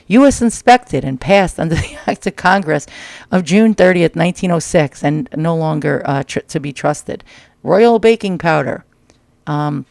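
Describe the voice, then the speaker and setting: A man's voice: on the high side, vocal fry, darkish tone, no room sound. Wisecracking New York man, dry close sound. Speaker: vlog host. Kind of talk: casual read-through commentary. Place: small home. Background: dryer tapping.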